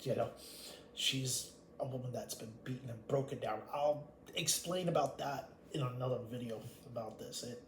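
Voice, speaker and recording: A man's voice: mid-range voice, normal speed. A man telling a rambling storytime monologue about his family, blunt and full of swearing. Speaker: vlogger. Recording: echoey room with faint ambient noise.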